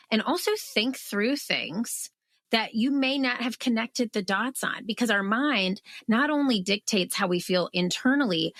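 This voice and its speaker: A woman in her thirties, an author appearing as a guest on an interview podcast, tells her story with lively energy, acting out her own past outbursts. Her voice sits in the mid-range, and the recording is dry.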